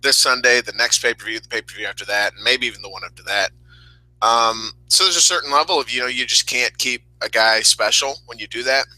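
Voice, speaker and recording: A man's voice: medium pitch, brisk, pushed and bright, no room sound, low-quality recording. A man co-hosting a casual wrestling review podcast, rambling and candid, sometimes emotional. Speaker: podcast co-host.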